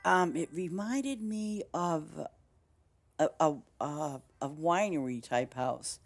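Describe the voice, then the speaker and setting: A woman's voice: sits low, a little slow, creaky, a little mellow. Lady streamer just chatting away, lots of ums and restarts, casual sign-off. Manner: chatty, rambling, many fillers and restarts. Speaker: game streamer.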